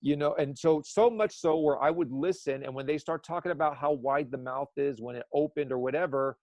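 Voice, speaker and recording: A man's voice: fairly high pitch, fairly quick, darkish tone, no room sound. A man who works as an eyewitness sketch artist, talking in a casual podcast conversation and rambling with many restarts.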